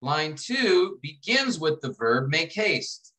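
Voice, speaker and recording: A man lecturing to a class, walking students through an assignment step by step, restarting phrases and slowing down to read verses aloud. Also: on the high side, very animated, bright, forceful tone, poor audio. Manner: explanatory, repeats and restarts phrases, reads verses slowly. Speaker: instructor.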